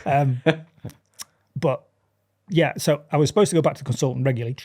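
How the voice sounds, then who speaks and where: Husky man telling a lively story. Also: fairly high pitch, normal speed. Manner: animated storyteller acting out dialogue, laughing often. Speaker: podcast guest. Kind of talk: casual chat.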